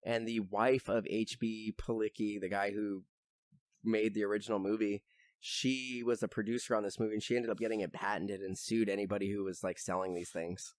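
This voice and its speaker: A young man talks casually on a podcast with a lowish voice, rambling through fillers and the odd curse. He gets heated as he goes. The sound is close and dry, with no room around it. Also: level tone, brisk, no room sound. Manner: rambling, full of fillers and swearing, gets worked up. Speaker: podcast host. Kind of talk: casual chat.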